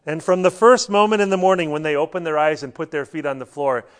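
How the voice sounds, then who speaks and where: A man's voice: on the high side, fairly even intonation, fast, clean tone. Conversational man preaching a sermon. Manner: conversational preaching with anecdotes and light laughs. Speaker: pastor.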